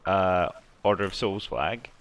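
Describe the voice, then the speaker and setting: A man's voice: sits low, unhurried, a little hiss or hum. A man hosting a game livestream, chatty and reading out viewer messages. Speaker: stream host. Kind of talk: casual game stream chat.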